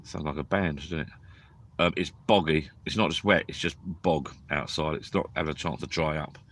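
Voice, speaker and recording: A man's voice: rumbling low, fairly even intonation, normal speed, fairly bright tone. A tired man, chatting rambly and drowsily on a live stream from inside a small tent at a lake at night. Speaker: fishing vlogger. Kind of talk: casual live-stream chat.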